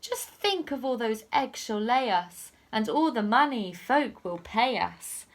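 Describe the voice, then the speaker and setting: A woman's voice: on the high side, very animated, a little slow, heavily acted. A woman voicing a scheming burly male crook in a children's storybook reading.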